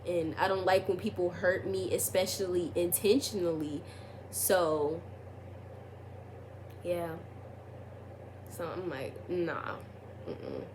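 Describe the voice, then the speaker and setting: A woman's voice: lowish voice, lively intonation, slow pace, long pauses, background noise. Young woman rambling through a storytime. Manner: rambling, heavy use of "like", restarts; rising, emphatic when retelling arguments. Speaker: vlogger. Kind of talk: casual storytime.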